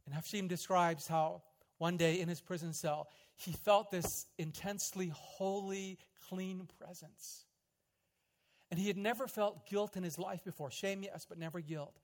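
A man preaching a sermon, telling a story dramatically, swelling loud and then dropping quiet. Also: high voice, fairly even intonation, measured pace. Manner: dramatic storytelling, rising loud in quoted prayers and dropping soft. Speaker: pastor.

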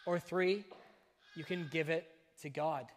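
A man preaching a sermon as a pastor, with a measured, emphatic delivery that breaks his points into short, deliberate phrases. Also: on the high side, steady tone, a little hiss or hum. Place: church. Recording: long reverb of a church hall.

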